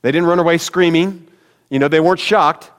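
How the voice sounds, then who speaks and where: A male pastor delivers a sermon in a relaxed, conversational way and turns often to speak straight to his listeners. His voice sits a little high for a man. The sound rings with the long reverb of a large church. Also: fairly quick. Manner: conversational, speaks directly to the congregation.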